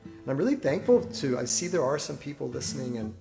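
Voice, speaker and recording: A singer-songwriter at home, telling a candid story between songs on his phone, reflective and halting with restarts. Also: medium pitch, big pitch swings, gravelly, a little mellow, faint music behind. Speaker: singer-songwriter streaming a live concert. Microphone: phone, wearing headphones.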